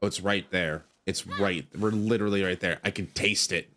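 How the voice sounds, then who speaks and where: A man's voice: sits low, steady tone, normal speed, sharp tone, slight background noise. A man doing let's play commentary, chatty and self-mocking as he talks himself through the game. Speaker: gaming streamer.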